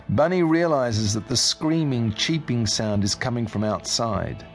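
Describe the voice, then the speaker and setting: Gravelly male audiobook narrator. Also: medium pitch, a little slow, few pauses, soft background music.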